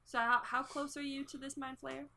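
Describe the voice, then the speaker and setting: Bright-voiced young woman game master. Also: high voice, level tone, brisk, vocal fry, a little hiss or hum. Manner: easygoing, hesitant with ums and likes. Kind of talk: narrating a tabletop game.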